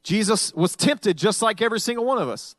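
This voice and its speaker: A male pastor delivers a casual, conversational sermon in a noticeably high voice. He slips into the imagined voices of his listeners to make his points. The sound is dry and close. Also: lively intonation, a little fast, a bit bright, dry recording. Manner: conversational preaching, acting out congregants' voices.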